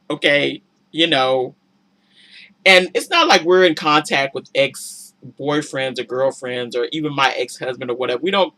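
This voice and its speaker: In a low-sitting voice, a woman offers casual vlog commentary on a reality show. She sounds animated and incredulous, rising at times into exasperated outbursts.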